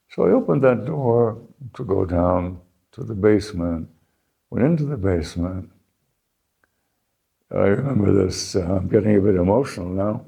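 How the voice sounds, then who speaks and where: An older American man telling his life story in an unhurried, reflective way, pausing and restarting as he remembers. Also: on the low side, animated, gravelly, warm tone, husky. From United States. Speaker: interviewee, founding principal.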